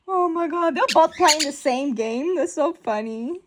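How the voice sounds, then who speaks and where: A woman in casual commentary, excitedly recapping a comic book story and acting out the characters' lines. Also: high voice, normal speed, few pauses, heavy background noise. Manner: excitable, exclaims often, acts out characters' lines.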